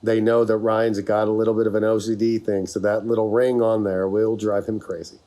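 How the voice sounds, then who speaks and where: A man's voice: fairly low pitch, little pitch movement, brisk, warm tone. An American man co-hosting a podcast, chatting casually and telling rambling, jokey stories. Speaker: podcast co-host. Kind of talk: casual chat.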